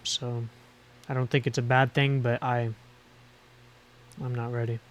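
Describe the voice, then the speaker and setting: A man's voice: medium pitch, little pitch movement, highs cut off, close to an everyday voice. A man playing a big, guarded young warrior. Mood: guarded, hushed. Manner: quiet and guarded, halting. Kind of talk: in-character tabletop role-play.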